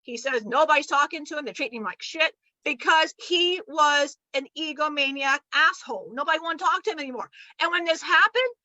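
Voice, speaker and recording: A woman giving a channeled spiritual teaching, animated and blunt, with casual profanity and acted-out voices of others. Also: sits high, brisk, few pauses, dry recording, poor audio.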